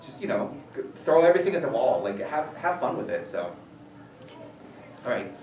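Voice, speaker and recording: Guy answering student questions, chatty and animated, sounds far off in a roomy space. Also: mid-range voice, moderate pace, a little hiss or hum. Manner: animated, rambling, lots of fillers. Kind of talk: casual Q&A talk. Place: school room, audience present. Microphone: distant from the recorder. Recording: echoey room, voice heard from far off.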